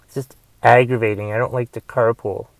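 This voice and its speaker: Grumbling young man with a smooth voice. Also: mid-range voice, level tone, fairly quick, dry recording. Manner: grumbling, rambling with restarts and swearing. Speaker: podcast host. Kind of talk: casual solo podcast rant.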